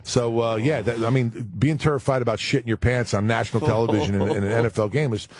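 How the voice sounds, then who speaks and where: A middle-aged former football player, a guest on a talk show, telling a crude comic story in an animated, profane way and acting out the other people in it. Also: male voice, medium pitch, fast talker, no echo.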